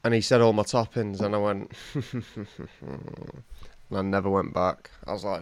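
A man's voice: on the low side, fairly even intonation, normal speed, dry recording. A wry man co-hosting a podcast, rambling through casual anecdotes. His voice is recorded close and dry, with no room sound. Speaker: podcast co-host. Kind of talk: casual banter.

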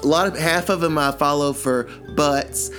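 Older man, podcast co-host, casual rambling chat, slightly high voice, faint music behind. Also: moderate pace. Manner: rambling, animated storytelling with many restarts.

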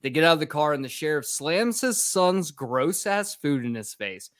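A man's voice: on the high side, big pitch swings, moderate pace, a bit bright, no echo. Male podcast cohost, profane comic recapper, dry sound. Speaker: podcast co-host. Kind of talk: casual movie recap.

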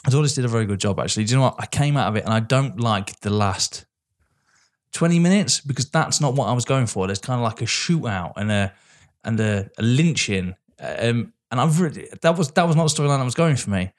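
A man who talks fast in a casual film review chat. He is blunt and animated and swears freely. His pitch sits in the ordinary middle for a man. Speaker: podcast co-host.

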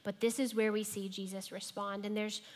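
A woman preaching a sermon in a church, gentle and reflective, often dropping her voice to a near whisper. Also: mid-range voice, level tone, normal speed.

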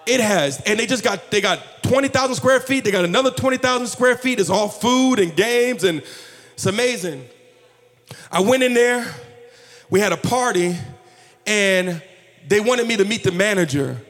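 A man's voice: high-pitched, animated, moderate pace, fairly bright tone. A male pastor preaching a sermon, urging the congregation to call back to him. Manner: call-and-response, exhorting the congregation. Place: church sanctuary. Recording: echoey hall with music behind.

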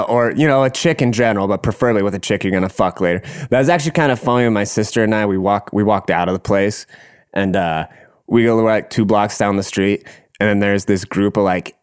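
Smooth-voiced young man telling stories. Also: on the low side. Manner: profane, rambling, laughing. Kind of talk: casual storytelling.

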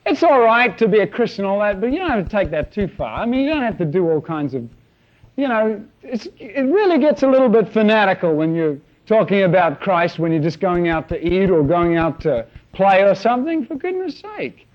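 A man voicing a smooth-talking churchman who brushes off zeal, in a breezy, dismissive manner, on a dull lo-fi recording. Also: sits high, sing-song, fairly quick.

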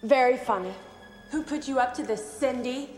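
A woman's voice: high voice, normal speed, a little mellow, lightly acted. A woman playing a sarcastic teen cheerleader who mocks a killer in a horror comedy film. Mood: mocking. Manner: mocking, sarcastic. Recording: echoey film scene with music.

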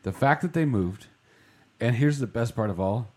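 Lively teasing male radio co-host. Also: mid-range voice, moderate pace, slightly rough. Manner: teasing, upbeat. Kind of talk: casual radio banter.

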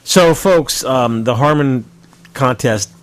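A man hosting a podcast in casual banter, cracking quick jokes with his co-hosts. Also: medium pitch, a little hiss or hum. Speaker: podcast host.

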